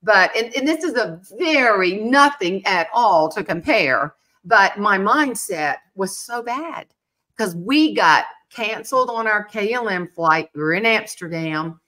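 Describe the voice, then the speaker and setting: A woman's voice: mid-range voice, a little slow. A middle-aged woman hosting a chat, telling self-mocking stories and acting out what people said. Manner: animated, self-mocking, acts out quotes. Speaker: podcast host. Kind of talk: casual storytelling chat.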